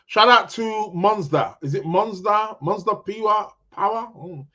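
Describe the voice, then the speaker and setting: Slow, rambling male podcast host. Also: high voice, pushed and bright, muffled recording. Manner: slow, rambling, many ums and restarts; chuckling, addresses listeners as "people". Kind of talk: casual live astrology chat.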